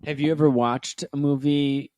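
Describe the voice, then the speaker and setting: A man's voice: a little high, steady tone, moderate pace, darkish tone, no echo. A man co-hosting a podcast, telling rambling, profane stories in casual chat. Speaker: podcast co-host.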